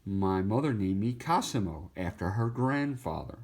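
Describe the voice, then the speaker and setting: A man's voice: lowish voice, animated, normal speed, a little mellow. A man voicing a proper male cartoon walrus who corrects matter-of-factly.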